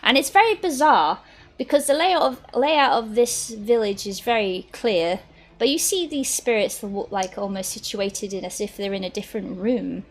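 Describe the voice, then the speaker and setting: A woman narrating a tabletop game as game master, pausing and restarting her sentences often. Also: medium pitch. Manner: halting, lots of fillers and restarts.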